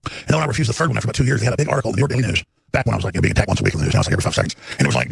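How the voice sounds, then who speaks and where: Gravelly, fast-ranting male talk host. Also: medium pitch, very animated, dry recording. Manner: ranting, emphatic, rambling. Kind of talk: unscripted live monologue.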